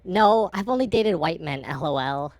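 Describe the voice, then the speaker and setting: A man voicing a young woman in an online chat, using a put-on high-pitched voice. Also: lively intonation, normal speed, no echo. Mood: flippant.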